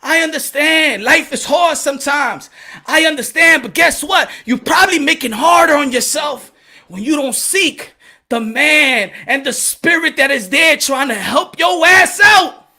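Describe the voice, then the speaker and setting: With an extremely high pitch and lively intonation, the man hosting this boxing channel speaks a little slowly. His to-camera rant is fervent and preachy, full of blunt street slang and frequent shouting.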